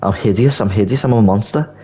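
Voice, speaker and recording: A frightened clay monster pleads that he is no monster, put on by a man. His voice is low and stays close to the storyteller's own. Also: a little fast, mellow, natural voice. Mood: panicked.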